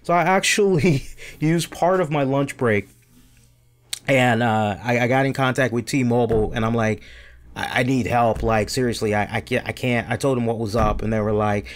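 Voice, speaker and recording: A man's voice: medium pitch, moderate pace. A man hosting a live-streamed talk show, telling an exasperated story full of quoted back-and-forth dialogue. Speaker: show host. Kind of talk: casual storytelling rant to a live stream chat.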